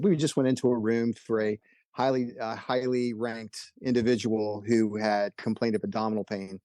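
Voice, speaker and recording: A middle-aged man, an emergency doctor, telling stories in a relaxed, casual way. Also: mid-range voice, dry recording. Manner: laid-back anecdotal storyteller. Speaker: emergency physician guest. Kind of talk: casual storytelling.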